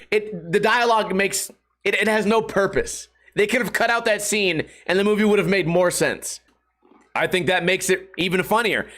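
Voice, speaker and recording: A man with a high-pitched, fairly bright voice hosts a casual solo podcast. He rambles and swears, laughs at his own jokes, and puts on voices when quoting people.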